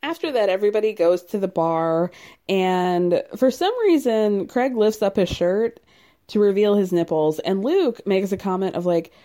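A woman's voice: mid-range voice, animated, normal speed, warm tone. A woman hosting a podcast, chatting casually through a reality show recap, laughing often and saying "like" a lot.

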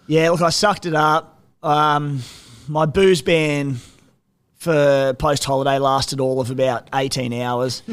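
A man's voice: a little high, clear, resonant tone. A young Australian man co-hosting a podcast, chatting in a laid-back, self-deprecating way. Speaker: podcast co-host. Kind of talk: casual podcast banter.

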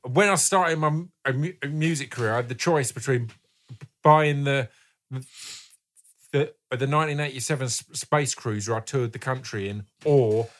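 A man's voice: medium pitch, normal speed, a bit bright. A man hosting a casual, sweary chat and reading out listener questions. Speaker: podcast host.

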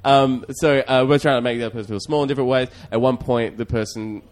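A man's voice: medium pitch, steady tone, fast. A man, a comedian hosting a podcast who tells a story in a rambling, self-deprecating way with lots of fillers. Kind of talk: casual storytelling.

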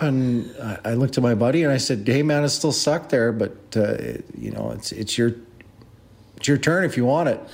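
A man's voice: medium pitch, background noise. Laid-back man telling a crude joke. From Canada. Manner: laid-back, halting, full of uh fillers. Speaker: caller sending a voice message. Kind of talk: casual storytelling.

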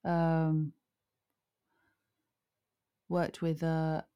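A woman's voice: deep voice, monotone, very slow, mellow, clean tone, no echo, muffled recording. A middle-aged woman chatting as a guest, rambling with lots of fillers. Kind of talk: casual chat.

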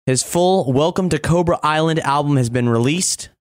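A man's voice: fairly high pitch, moderate pace, dry recording, studio quality. A man hosting a casual comics podcast, chatty and geeky, running through news items with easy laughs. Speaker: podcast host. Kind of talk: casual chat.

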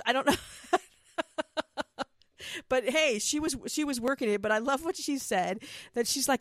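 A woman's voice: fairly high pitch, normal speed, pauses often, no room sound. A woman recapping a reality dating show in a casual, gossipy way, often laughing and acting out what people said. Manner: animated, gossipy, laughs often, acts out quotes.

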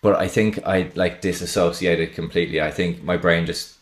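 A man with a very low, deep voice tells a rambling story in a relaxed podcast chat. He loses his thread now and then and laughs at his own jokes. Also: moderate pace, roomy sound. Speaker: podcast host. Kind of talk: casual interview chat.

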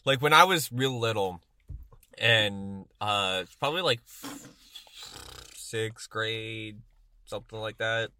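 A man's voice: lowish voice, slow, long pauses, smooth, no echo. A man in his twenties from Texas, telling a story in a casual podcast chat, laughing often and acting out the voices in it. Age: 20s. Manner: laughing, animated storyteller who acts out voices. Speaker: podcast co-host. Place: in a car.

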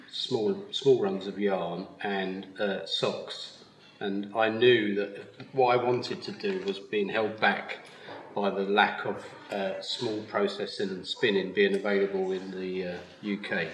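A man's voice: fairly low pitch, fairly even intonation, slow pace. A man who owns a wool mill, explaining his work with an easygoing manner and frequent laughs in a live podcast interview. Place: live at a yarn festival. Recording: roomy live festival recording, faint noise.

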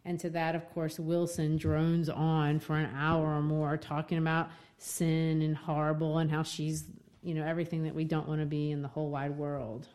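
A woman in a casual book discussion, retelling the story in an animated way. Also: deep voice, normal speed. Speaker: co-host discussing a novel.

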